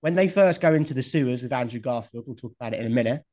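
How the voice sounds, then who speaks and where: A man's voice: medium pitch, expressive, rapid-fire, a little mellow. A man hosting a podcast in casual chat, blunt and swearing freely. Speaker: podcast host.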